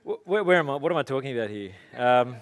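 A man's voice: mid-range voice, expressive, fast talker. A man giving a conversational sermon as pastor, chatty and rambling with self-deprecating asides.

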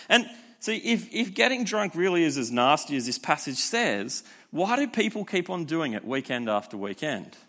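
A young man giving a youth sermon in a conversational, energetic way, with frequent rhetorical asides. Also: on the high side. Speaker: youth pastor.

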